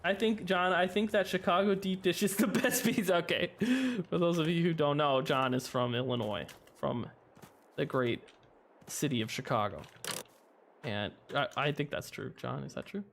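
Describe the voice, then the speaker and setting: High-voiced man streaming a farming game. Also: normal speed, creaky. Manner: rambling, chuckling, chatting with viewers. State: sleepy, yawning. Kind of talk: casual livestream commentary.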